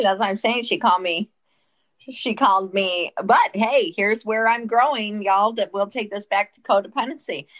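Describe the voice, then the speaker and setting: A woman co-hosting a podcast who chats casually and candidly about recovery, with an expressive delivery and some swearing. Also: mid-range voice, slight background noise. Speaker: podcast co-host. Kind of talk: casual chat.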